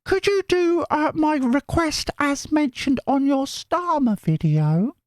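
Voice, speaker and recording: A man putting on a high falsetto to voice a polite woman viewer, reading out her comment in a sweet, sing-song way. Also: animated, slow, dry recording, clean studio sound, exaggerated voice.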